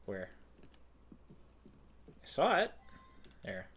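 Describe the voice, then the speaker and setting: A man's voice: lowish voice, wildly swooping pitch, very slow, a bit bright, a little hiss or hum. A young man giving casual commentary while playing a video game, ranting and swearing in frustration. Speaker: let's play gamer.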